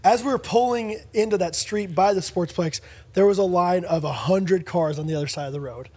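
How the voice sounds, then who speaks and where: A man with a fairly high speaking voice, co-hosting a podcast and chatting casually. He tells stories with energy and slips into the voices of the people in them. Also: a little fast. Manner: animated storyteller, acts out dialogue. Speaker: podcast co-host. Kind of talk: casual chat.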